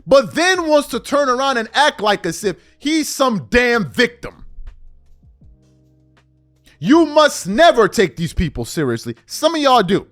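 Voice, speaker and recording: A man's voice: very high-pitched, very animated, a little slow, fairly bright tone. A man hosting a sports commentary channel, delivering an indignant, mocking rant and mimicking people he quotes. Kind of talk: ranting sports commentary monologue. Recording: faint music bed behind voice.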